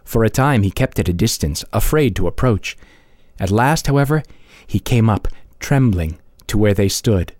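Expressive male storyteller, lively pitch. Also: moderate pace, no echo, clean studio sound. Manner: expressive, varied delivery. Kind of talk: storybook read-aloud.

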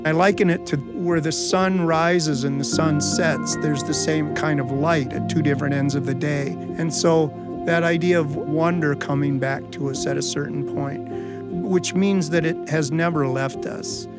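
A man's voice: on the high side, fairly even intonation, unhurried, over loud music. A man telling folksy, reflective stories to an audience with comic timing. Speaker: storyteller and guest. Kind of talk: storytelling for an audience.

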